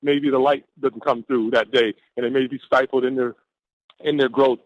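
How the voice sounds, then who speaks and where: A man's voice: medium pitch, flat delivery, moderate pace. A man, from Atlanta, giving an exuberant, preacher-like motivational pep talk on a conference call and stretching out his key words. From Atlanta, Georgia, USA. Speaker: caller on a team conference call. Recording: dull lo-fi conference call audio.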